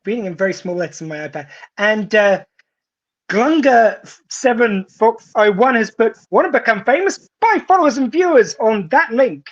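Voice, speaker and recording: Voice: medium pitch, expressive, moderate pace, muffled recording. A host with a southern English accent in casual chat, reading out viewer messages with a wry, teasing manner. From southern England. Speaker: podcast host.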